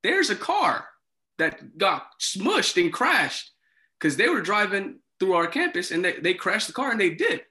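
A man speaking with a bright, forceful edge and a voice that sits a little high. He tells his story animatedly, acting out the dialogue and filling gaps with "like" and "you know.". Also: unhurried. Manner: animated, acts out dialogue, many fillers. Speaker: former resident assistant. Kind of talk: casual storytelling.

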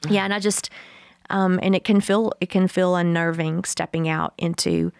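A woman co-host tells a story in a relaxed podcast chat. Her voice sits a little low and has a gravelly edge, and she acts out the quotes with animation. The sound is close and dry. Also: moderate pace, no echo.

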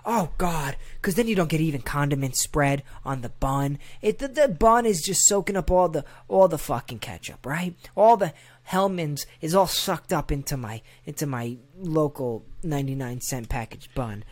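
A man's voice: on the high side, animated, normal speed. Emphatic man ranting with swears. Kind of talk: casual banter.

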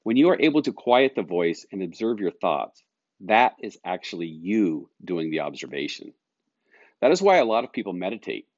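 A middle-aged man hosting a solo podcast as a life coach, explaining calmly and earnestly with everyday examples. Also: deep voice, no room sound, dull audio.

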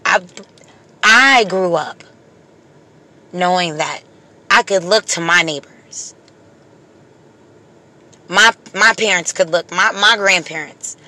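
A vlogger speaks straight to viewers with a bright, forward voice. The talk is impassioned and casual, full of repeated, emphatic phrases in a preachy rhythm. The voice often sinks and fades at the end of a line. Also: medium pitch, dry recording.

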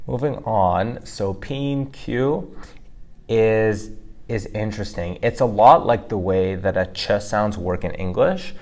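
Low-voiced man teaching pronunciation. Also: slow pace. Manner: relaxed, explains with many fillers and restarts. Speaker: language teacher co-host. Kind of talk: casual instructional podcast.

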